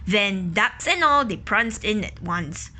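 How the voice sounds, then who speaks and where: A woman reading a children's picture book aloud, pausing to ask questions, explain words and imitate quacking ducks. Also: medium pitch, animated, bright, forceful tone, slight background noise. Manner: imitates quacking and gasps for effect. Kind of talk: children's story read-aloud.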